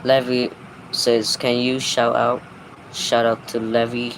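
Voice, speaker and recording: A man hosting a livestream, reading out chat messages one by one and answering them briefly in a low-key way. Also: slight background noise, rough recording. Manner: flat, unhurried, low-key replies. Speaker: livestream host. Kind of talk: reading live chat aloud.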